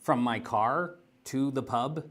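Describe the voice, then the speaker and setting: This guest painter, a man speaking at medium pitch, takes his time as he chats casually on a painting livestream from a gaming store. He rambles through a story, leaning heavily on "like," with background noise audible.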